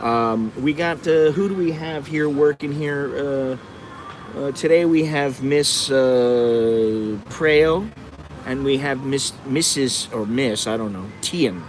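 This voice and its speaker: A man's voice: mid-range voice, slow, background noise. Foul-mouthed middle-aged man ranting. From United States. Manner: heavy swearing, blunt, digressive storytelling. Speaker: vlogger. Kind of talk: profane live-stream rant. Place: indoors by a window, city traffic outside. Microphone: phone set on a windowsill.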